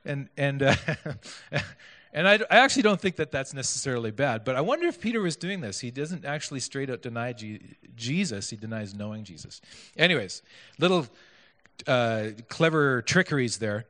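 A man's voice: medium pitch, very animated, normal speed, a bit bright. A man preaching a sermon in a conversational way, asking his listeners questions and adding self-deprecating asides. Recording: echoey hall.

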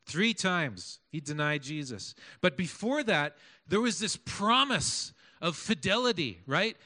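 High-voiced, bright-toned male preacher. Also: a little slow. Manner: animated, asks the congregation questions. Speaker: pastor. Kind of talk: sermon.

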